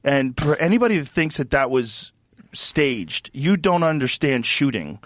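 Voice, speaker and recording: A man's voice: mid-range voice, very animated, a little slow, fairly bright tone, no echo. Emphatic man in a dry room. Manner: emphatic, piling up points. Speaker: host. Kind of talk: casual conversation.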